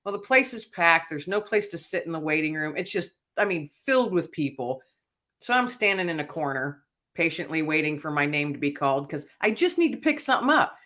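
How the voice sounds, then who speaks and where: A woman author being interviewed, telling a personal story in an animated, emotional way. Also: low voice, brisk. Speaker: author and speaker, guest.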